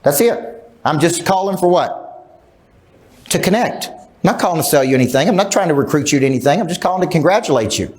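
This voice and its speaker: A man's voice: a little high, expressive, brisk. Emphatic middle-aged male sales coach. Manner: emphatic, asks the crowd questions, acts out quotes. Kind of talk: live seminar talk to an audience. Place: large event room.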